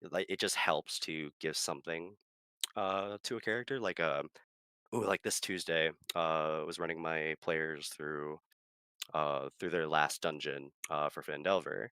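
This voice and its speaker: Deep, bright-toned New man. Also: a little slow, clear, resonant tone, no echo. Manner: animated, swears freely, full of fillers. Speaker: streamer and dungeon master. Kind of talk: casual chat.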